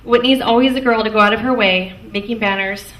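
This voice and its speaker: A young maid of honor from Canada toasts the couple fondly and lightly at a wedding reception hall, chuckling between lines. She speaks briskly in a fairly high, a bit bright voice with fairly even intonation. The recording is echoey and distant, with faint noise.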